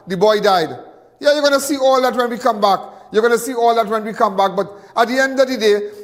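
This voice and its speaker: Male crime-show host, very high voice, heated repetitive rant, reverberant room. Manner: angry, repetitive, stumbling restarts. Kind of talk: impassioned live TV commentary.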